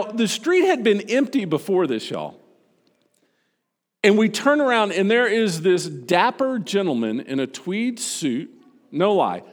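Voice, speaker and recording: Preacher guy, kinda high voice, storytelling sermon, big echoey church sound. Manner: animated storytelling, drops soft and slow on key points. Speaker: pastor.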